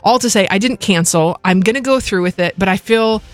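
Radio co-host, female, candid and heartfelt, quick laugh, soft music bed. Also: mid-range voice. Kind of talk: Christian radio talk chat.

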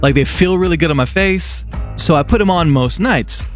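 A middle-aged man hosting a casual radio show, telling a funny story and putting on high squeaky voices for the people he quotes. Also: normal speed, faint music behind.

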